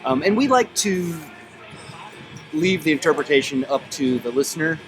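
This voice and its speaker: A man being interviewed as a band member, talking in a relaxed, casual way with many ums and uhs. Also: a little high, normal speed, rough recording. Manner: relaxed, filler-heavy, thinking aloud. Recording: loud music in the background.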